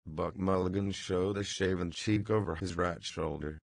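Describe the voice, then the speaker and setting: A man narrating a classic novel as an audiobook, in a measured reading. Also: low-pitched, steady tone, creaky, no room sound.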